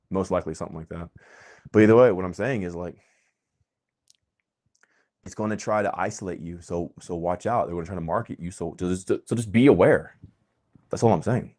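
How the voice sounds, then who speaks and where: A man with a very low voice lectures his viewers in a fired-up, preachy monologue. He pushes hard on key words, jumps to loud bursts, then drops to near-quiet asides. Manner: emphatic, preachy, swings between loud and quiet. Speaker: vlogger host. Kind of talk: impassioned monologue.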